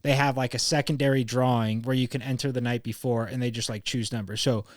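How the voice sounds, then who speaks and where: A man's voice: mid-range voice, fairly even intonation, fast talker, no room sound, clean studio sound. A young man from California hosting a podcast, telling a long casual story full of swearing, "like" and acted-out quotes. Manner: rambling, profane, fond of "like" and quoting people mid-story. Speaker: podcast host.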